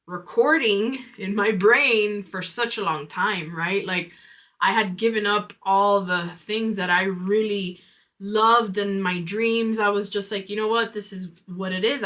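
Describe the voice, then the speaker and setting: Bright-voiced woman telling her story. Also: medium pitch. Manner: candid, reflective, many "like" fillers. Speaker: podcast host. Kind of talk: personal storytelling monologue.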